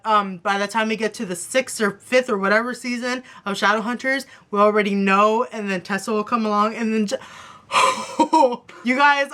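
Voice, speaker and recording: Young woman, bright voice, fangirl review vlog, gushing and breathless, recorded to her camera. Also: medium pitch. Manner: gushing, breathless fangirl chatter full of fillers. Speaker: TV review vlogger. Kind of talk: excited casual TV episode review. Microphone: camera on her desk after her phone stopped recording.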